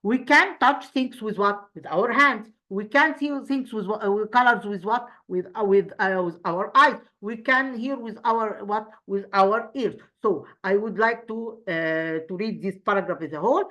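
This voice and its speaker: A woman teacher with an Egyptian accent, a native Arabic speaker, reviewing English grammar for an exam, halting, with many restarts, asking and answering her own questions. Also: medium pitch, fairly bright tone.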